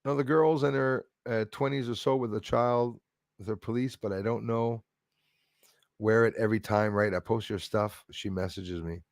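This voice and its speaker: A man with a French Canadian accent hosting a casual livestream, rambling through viewer comments with frequent chuckles and sudden loud bursts. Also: fairly low pitch, steady tone, normal speed, creaky, no echo, studio quality. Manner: rambling, chuckling, jumps loudly between topics. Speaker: livestream host.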